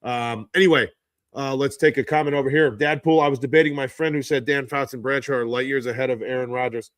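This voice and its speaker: A man hosting a casual live stream from his phone, reading out statistics and ranting in exasperation, his pitch jumping high when he gets indignant. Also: fairly even intonation, fast, no room sound, studio quality. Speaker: livestream host. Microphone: handheld phone.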